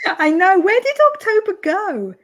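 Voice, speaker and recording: A woman's voice: very high voice, sing-song, unhurried. A woman guest author joining a casual livestream chat, mostly giving brief, agreeable replies.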